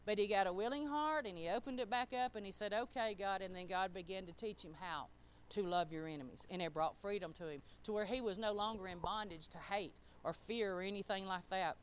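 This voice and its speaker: A woman preaching a sermon, speaking conversationally and swinging between loud emphasis and soft asides. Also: medium pitch, a little fast, slight background noise. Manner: conversational, with colloquial grammar.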